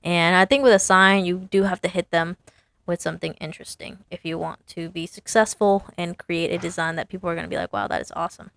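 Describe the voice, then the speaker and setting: A woman's voice: fairly low pitch, flat delivery, fairly quick, vocal fry, fairly bright tone, no echo. A woman sign designer casually talking through her work, chatty and self-amused, thinking aloud as she designs. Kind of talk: casual design commentary while working.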